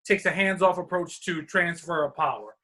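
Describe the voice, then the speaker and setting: A man's voice: on the high side, moderate pace, pushed and bright. A man co-hosting a podcast in a casual chat, asking the questions and steering the talk. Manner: chatty, leads the questions. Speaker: podcast co-host.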